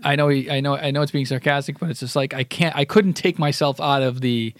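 A man's voice: on the high side, fairly even intonation, brisk, no echo, clean studio sound. A man co-hosting a casual podcast chat, blunt and rambling, swearing offhandedly. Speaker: podcast co-host.

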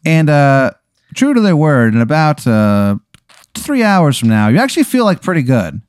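A man's voice: on the high side, normal speed, smooth, no echo, clean studio sound. Rambling man spinning an absurd tale. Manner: rambling, full of "like" and "uh", deadpan absurd. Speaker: podcast host telling an absurd hypothetical. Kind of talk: casual improvised storytelling.

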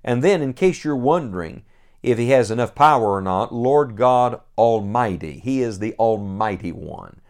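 A man preaching a radio Bible teaching, earnest and emphatic, slowing down to stress quoted scripture. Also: medium pitch, animated, clean tone.

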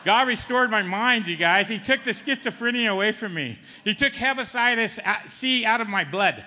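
A man's voice: high-pitched, animated, moderate pace, pushed and bright, big-room sound. A middle-aged man giving a spoken church testimony in a conversational way, often asking the audience "okay?" and calling them "man". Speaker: testimony speaker.

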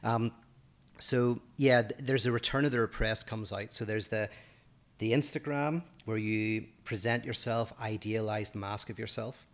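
A man with a Northern Irish accent and a fairly low voice talks through abstract ideas in a relaxed podcast conversation. He thinks aloud as he goes, laying out one point after another at length. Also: a little slow. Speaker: podcast co-host. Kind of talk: casual philosophical discussion.

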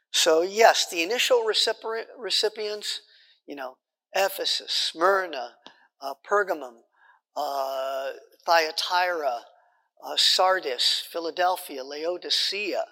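A man's voice: high voice, a bit bright, big-room sound. A man teaching a Bible study class in a conversational way, repeating points and checking in with his listeners.

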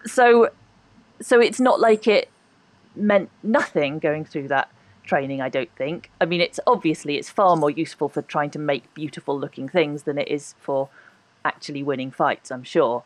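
A woman's voice: low-pitched, moderate pace, no room sound. A woman with a posh voice, a guest on a podcast, chatting animatedly, laughing often and hedging her points. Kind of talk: casual interview chat.

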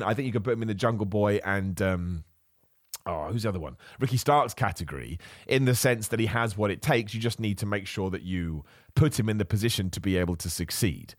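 A man's voice: on the low side, no echo, studio quality. Chatty man ranting with laughs. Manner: animated ranting, laughs often. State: has a cough. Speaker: podcast host. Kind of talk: casual chat.

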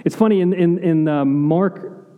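A man preaching a sermon, earnest, asking rhetorical questions and dropping to quiet intensity at key points. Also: a little high, measured pace, narrow, tinny audio. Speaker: pastor. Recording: long hall reverb.

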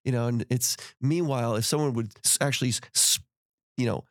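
A middle-aged man hosts a podcast, telling a story conversationally and acting out heated quotes along the way. His voice is mid-range and fairly quick, captured in clean studio sound with no room noise.

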